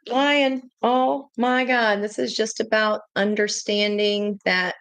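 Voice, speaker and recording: A woman giving a casual tarot reading to her viewers, chatty and excitable, breaking into gushing exclamations. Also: a little high, takes it slowly, few pauses, smooth, no room sound. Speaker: tarot reader.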